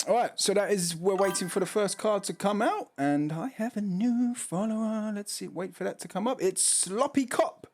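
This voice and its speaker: A man's voice: sits high, normal speed, few pauses. A man commentating a sim race on his stream. He reads out chat messages and laughs often, and he does not pronounce his R's properly. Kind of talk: casual sim racing commentary.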